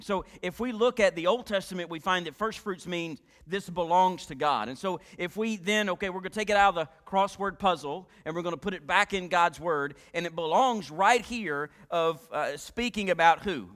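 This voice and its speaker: Male pastor, high pitch, sharp tone, call-and-response preaching, loud and hushed in turn; long church reverb. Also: moderate pace, hardly any pauses. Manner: asks the congregation questions and answers them himself; swings from loud emphatic lines to hushed low ones. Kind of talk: sermon.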